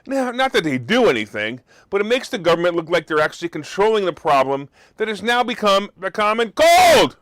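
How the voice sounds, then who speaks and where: A man hosts a live market talk show, his high voice swooping all over the place in a sing-song way at a fairly quick pace with few pauses. He delivers opinionated commentary full of sarcasm and loud bursts of mock outrage, close to a desk mic in a dry, dead room with no echo.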